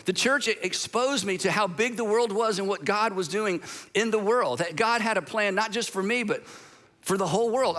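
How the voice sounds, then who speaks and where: Bright-voiced older pastor. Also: male voice, high-pitched. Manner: storytelling, conversational with asides. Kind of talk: sermon.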